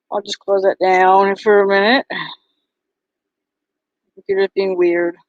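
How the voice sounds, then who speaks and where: A woman vlogger chatting casually to camera, halting often with ums and restarts. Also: mid-range voice, flat delivery, no echo. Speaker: vlogger and bracelet seller. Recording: dull lo-fi, dry sound.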